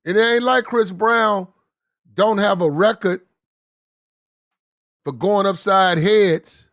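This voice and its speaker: A man hosting a commentary show, ranting bluntly with profanity, repeating lines for emphasis and getting loud and fast when worked up. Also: high-pitched, no echo, clean studio sound. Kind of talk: heated commentary rant.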